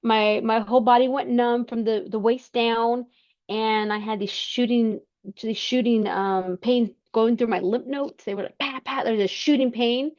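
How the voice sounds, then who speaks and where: A woman telling her personal story as a podcast guest, halting, with many fillers and restarts. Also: fairly high pitch, steady tone, darkish tone, dull audio.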